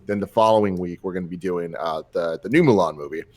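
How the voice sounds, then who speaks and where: Upbeat host, low-voiced man. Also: fast. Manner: upbeat, gushing, runs show plugs. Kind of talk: casual podcast chat.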